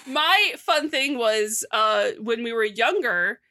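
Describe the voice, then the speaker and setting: A woman co-hosting a casual chat, recapping a horror story with animated, wry asides and some swearing. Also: a little high, slow pace.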